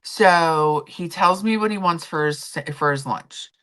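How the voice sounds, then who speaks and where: A woman's voice: on the low side, a little slow, a bit bright. A woman hosting a live stream, chatting casually and telling stories while reading messages from her chat.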